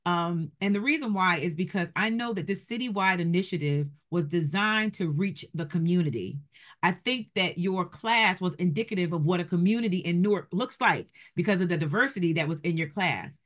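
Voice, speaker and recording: A woman hosting a talk show, asking a guest direct, measured questions. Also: on the low side, fairly bright tone. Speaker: host. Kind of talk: interview questions.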